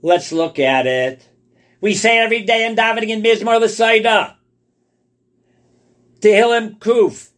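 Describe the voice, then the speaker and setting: A man giving a Torah lecture, dramatic and full of rhetorical questions, dropping to a hush and then rising to shouts for emphasis. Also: sits high, a little slow, long pauses. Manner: explains wordplay step by step, asks rhetorical questions. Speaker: Torah teacher. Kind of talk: Tisha B'Av lecture.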